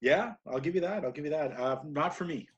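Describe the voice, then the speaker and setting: A man's voice: fairly high pitch, animated, fairly quick, highs cut off. A man co-hosting a podcast, recapping wrestling matches in casual, rambling chat and laughing often. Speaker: podcast co-host.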